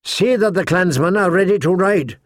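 A man voicing a sharp-tongued dwarf lord who is dry-witted and impatient in a storybook reading. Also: sits high, moderate pace, no echo, pitched above the performer's own voice, natural voice.

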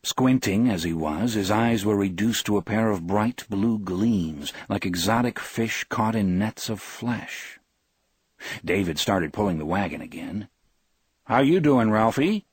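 A man with a husky voice narrating a novel in a measured, expressive reading, recorded on a close studio mic. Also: deep voice, no echo. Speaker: audiobook narrator. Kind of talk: scripted narration.

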